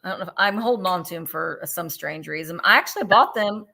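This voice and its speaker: A woman's voice: fairly low pitch, brisk, creaky, bright, forceful tone. A woman hosting a live online vintage sale, chatting and gushing over each piece while counting down bids. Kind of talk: live online sales chat.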